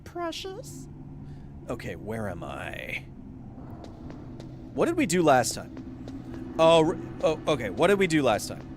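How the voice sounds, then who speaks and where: A young man streaming a video game live, joking and talking excitedly with his chat. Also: mid-range voice, measured pace, pauses often, background noise. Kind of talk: casual let's-play chat.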